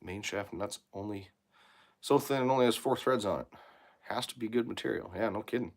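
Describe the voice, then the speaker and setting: Low-voiced mechanic, blunt and profane. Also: male voice, fairly quick, creaky. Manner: blunt, swears freely, rambling shop talk. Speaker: mechanic livestreaming from his shop. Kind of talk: casual live-stream chat, reading viewer comments. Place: his workshop.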